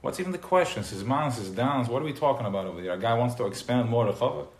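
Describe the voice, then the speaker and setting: A man giving an informal live class to a small group, who gets worked up and loud, then drops into quiet asides. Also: medium pitch, lively intonation, fast talker. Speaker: teacher of a class. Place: room with a small live audience. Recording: roomy live recording with faint noise.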